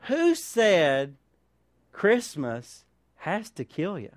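A male pastor preaching with a high, lively voice that swoops up and down. He keeps firing rhetorical questions and asking for an amen. The sound is close and dry. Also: very slow, no room sound. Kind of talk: sermon.

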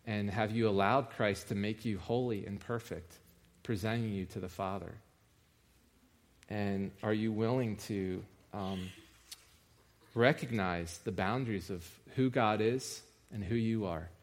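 Give me a man preaching a sermon in a relaxed, conversational way, with a somewhat low voice. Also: unhurried. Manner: conversational, rising with emphasis.

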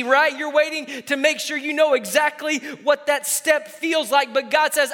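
A man in his thirties, a pastor, delivers an exhorting sermon with call-and-response and acted-out voices from the stories he tells. His very high-pitched voice is bright and forceful. The hall he's in is reverberant.

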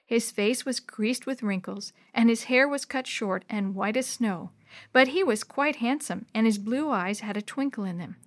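A woman reads a children's book chapter aloud in a clear, expressive storytelling voice. Her voice sits a bit high. The recording is close and dry. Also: normal speed, dry recording. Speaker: narrator. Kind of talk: scripted narration of a children's book.

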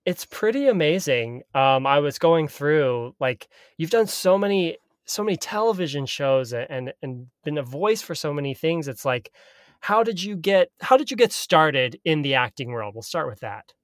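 A man's voice: a little high, very animated, normal speed, no echo, studio quality. A man hosting an interview, asking enthusiastic, admiring questions. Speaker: interviewer host. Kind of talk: casual interview.

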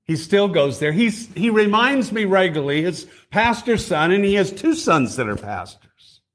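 A man's voice: high voice, big pitch swings, moderate pace. A middle-aged man preaching a sermon in a church, telling a story and asking the congregation direct questions. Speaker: district superintendent preaching. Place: church sanctuary.

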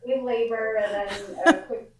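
A woman co-hosting a podcast, chiming in with short wry remarks and quick agreement. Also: fairly high pitch, fairly even intonation, crowd noise. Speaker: podcast co-host. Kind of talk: casual chat. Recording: echoey room.

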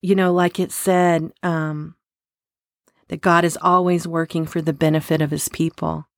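A woman's voice: low-pitched, flat delivery, measured pace, no room sound, clean studio sound. A woman giving an earnest, encouraging daily devotional talk, asking listeners to work with God. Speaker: devotional speaker.

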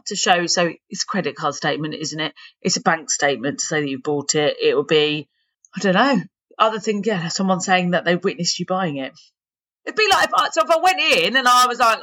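A woman's voice: lowish voice, bright, forceful tone. A British woman co-hosting a podcast, patiently explaining consumer rights in casual chat and laughing easily. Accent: British English.

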